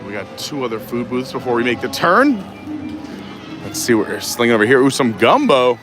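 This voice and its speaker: A man's voice: mid-range voice, very animated, moderate pace, music in the background. A man live-streaming a walk through a theme park festival, chatting casually and reading menu boards aloud. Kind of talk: casual walking commentary.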